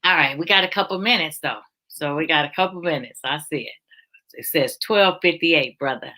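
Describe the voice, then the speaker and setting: A woman's voice: low-pitched, normal speed, pushed and bright. A woman hosting a casual online talk about faith, emotional and encouraging, speaking over a video call. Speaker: host. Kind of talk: casual chat.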